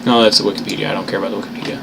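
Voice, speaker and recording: A man casually chatting with viewers on a live stream, playful and chatty, who also reads a story aloud slowly. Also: lowish voice, flat delivery, creaky, heavy background noise.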